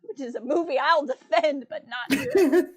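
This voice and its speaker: A woman's voice: sits high, animated, moderate pace, crowd noise. A woman hosting a casual fan stream over a video call, upbeat and laughing, prompting her co-hosts. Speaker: stream host.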